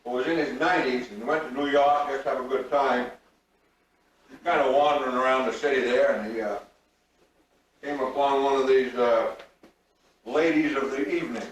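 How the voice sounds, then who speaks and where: A man's voice: mid-range voice, steady tone, normal speed, pauses often. An older man tells drawling, folksy jokes. His voice is heard from far off in a very echoey room, with faint room noise behind him. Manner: drawling rural humor, acts out the punchlines. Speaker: storyteller. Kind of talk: folksy joke telling. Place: large room at a reunion.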